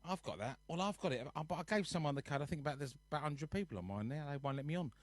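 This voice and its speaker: This live-stream host and musician speaks in a fairly high, expressive voice at a racing pace, with no room sound in the recording. He's sprawled on his home sofa, chatting casually, wandering from topic to topic and reading his viewers' comments out loud.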